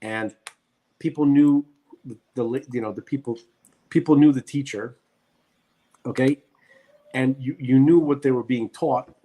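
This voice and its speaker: In casual, opinionated podcast chat, this male co-host rants bluntly and repeats himself for emphasis. His medium-pitched voice is warm, a little slow, and broken by frequent pauses.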